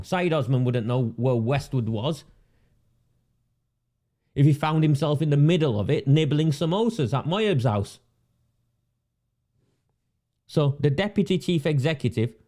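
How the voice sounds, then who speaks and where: A man's voice: a little high, dark tone. A man, delivering a sarcastic, indignant rant and repeating phrases for emphasis. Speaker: independent political commentator. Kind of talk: ranting monologue.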